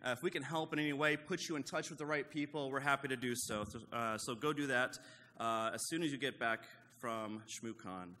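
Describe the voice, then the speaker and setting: A man's voice: medium pitch, fairly even intonation, fairly quick, bright, forceful tone. A man giving closing remarks at a conference, hesitant and full of fillers. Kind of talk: closing announcements. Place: conference hall. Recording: long hall reverb.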